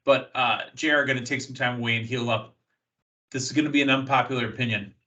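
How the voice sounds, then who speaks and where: A man from the United States hosting a wrestling news podcast, chatty and filling pauses with uh and you know. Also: mid-range voice, fairly even intonation, bright, forceful tone, dull audio. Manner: chatty, thinks aloud with many fillers. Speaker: podcast host. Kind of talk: casual wrestling news talk.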